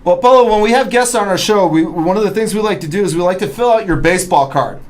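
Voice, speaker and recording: Friendly self-deprecating male host. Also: high-pitched. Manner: friendly, self-deprecating, asks quick questions. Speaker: interview host. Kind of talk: casual interview chat.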